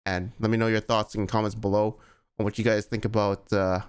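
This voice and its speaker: A man's voice: on the low side, flat delivery, a little fast, clean tone. A man giving casual, blunt reaction commentary as a gaming YouTuber, with lots of "like" and exasperated asides.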